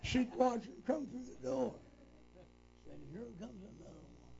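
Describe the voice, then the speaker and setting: Older man, preacher, gravelly, unhurried folksy storyteller; muffled lo-fi recording. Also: very high-pitched, expressive, background noise. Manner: folksy, repetitive, retells dialogue with "said". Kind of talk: reminiscing storytelling. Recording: dull lo-fi recording.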